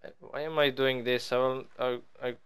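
A man's voice: mid-range voice, level tone, moderate pace, a bit bright, smooth. A man giving casual, rambling let's-play commentary as he builds in a game, joking at his own expense. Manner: rambling, playful, self-mocking. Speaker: gaming channel host.

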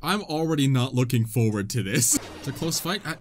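Excitable young man swearing through a boss fight. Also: medium pitch, brisk, soft background music. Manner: excitable, profane, jokey trash talk. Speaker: gaming video host. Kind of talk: casual gameplay commentary.

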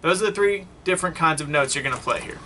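A man's voice: a little high, fast talker, sharp tone, a little hiss or hum. A man teaching a saxophone lesson, explaining step by step and often checking in with "okay?" and "right?". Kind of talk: online music lesson.

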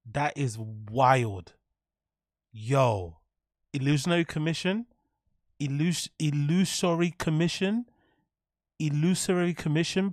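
A young man, streaming live and reacting to his chat in an animated, profane, mock-outraged way. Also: fairly high pitch, slow, no echo, clean studio sound.

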